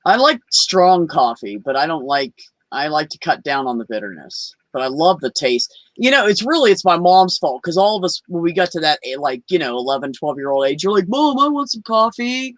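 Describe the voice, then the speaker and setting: Guy with a high voice cracking jokes, dry close sound. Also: expressive, brisk, fairly bright tone, no room sound. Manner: jokey, playful banter. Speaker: host. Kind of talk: casual chat.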